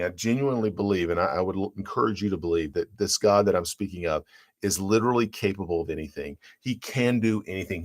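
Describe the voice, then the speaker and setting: An earnest pastor delivers a devotional sermon. He talks plainly and warmly to his flock, reading scripture aloud and then unpacking it verse by verse. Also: fairly low pitch. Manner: earnest, plain-spoken, reads and explains scripture.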